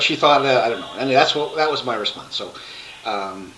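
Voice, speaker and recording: A man telling his life story to a webcam, rambling and halting with many restarts. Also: mid-range voice, lively intonation, pushed and bright, rough recording.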